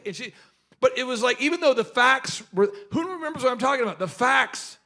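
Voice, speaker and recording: A middle-aged man telling jokey stories at a business workshop, asking the audience questions and shouting his punchlines. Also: high-pitched, fast. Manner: animated, jokey, acts out quoted voices. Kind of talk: energetic seminar storytelling to a live audience.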